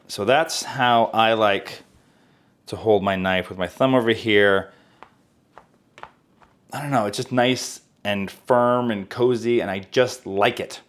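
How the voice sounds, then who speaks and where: A chatty young man walks viewers through knife skills in a home kitchen. His pitch swings freely as he talks, and he pokes fun at himself along the way. He sounds like a casual cooking channel host. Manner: chatty, self-deprecating, lively.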